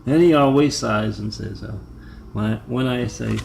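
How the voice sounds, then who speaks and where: A man's voice: mid-range voice, steady tone, moderate pace, vocal fry, a little hiss or hum. A man talking in a long, digressive monologue, often stopping to spell out numbers and web addresses letter by letter. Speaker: video maker. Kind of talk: rambling monologue.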